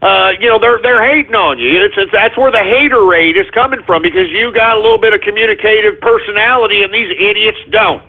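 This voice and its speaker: Male call-in radio host, rambling delivery, high-pitched, tinny lo-fi audio. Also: a little fast, hardly any pauses. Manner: rambling, many fillers and restarts. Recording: tinny phone-like radio sound.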